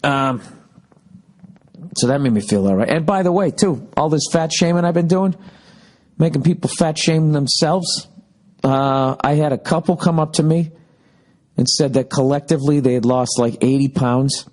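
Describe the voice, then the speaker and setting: A man's voice: on the high side, normal speed, a little mellow. Profane rambling man telling road stories. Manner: profane, rambling storytelling with mocking impressions. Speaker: podcast host. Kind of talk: casual monologue.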